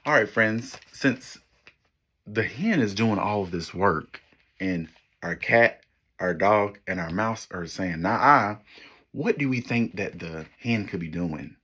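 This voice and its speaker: A man's voice: deep voice, animated, slow, fairly bright tone, breathy edge. A man teaching young children, reading a picture book aloud to them in an encouraging way, praising them often and pointing out the pictures.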